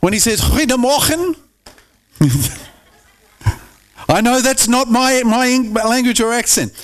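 An Australian man with a rather high voice delivers a sermon. He keeps it conversational and joking, and he speaks straight to the congregation like he is chatting with them. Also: steady tone, moderate pace, fairly bright tone. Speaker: pastor.

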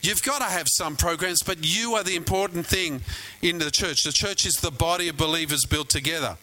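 A man's voice: fairly high pitch, brisk, sharp tone, a little hiss or hum, poor audio. A man preaching a sermon as pastor, telling stories in a conversational way and asking the congregation questions.

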